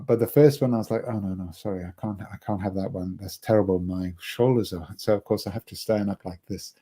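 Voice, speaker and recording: Male trainer, mid-pitched warm voice, loose conversational lecture full of asides and restarts, punches up volume for emphasis. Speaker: presentation skills trainer. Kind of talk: online lecture.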